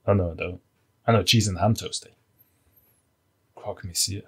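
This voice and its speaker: A man's voice: deep voice, fairly even intonation, normal speed, a bit bright, breathy edge. A man co-hosting a comedy podcast, chatting casually, laughing often and trailing off into fillers. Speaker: podcast co-host.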